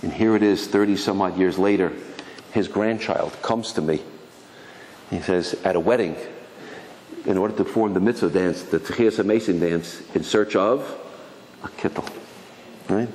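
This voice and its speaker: A man, a rabbi, telling a story to his congregation in a lively sermon style, acting out the voices of the people in it. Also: deep voice, moderate pace, long pauses, slight background noise. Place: synagogue hall. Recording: long hall reverb, faint ambience.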